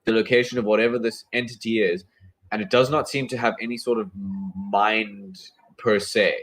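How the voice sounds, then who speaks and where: A man's voice: fairly low pitch, fairly even intonation, moderate pace, fairly bright tone, poor audio. A man running a tabletop game as game master, narrating with many fillers and restarts.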